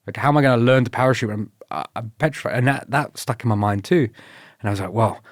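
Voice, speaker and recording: A fairly low-pitched man with a British accent talks through his stories in a relaxed, easygoing way. He often slips into livelier voices when quoting other people. The sound is dry and close, with no room echo. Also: brisk. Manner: laid-back, laughs often, quotes others in lively bursts. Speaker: podcast guest, former paratrooper. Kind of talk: casual storytelling interview.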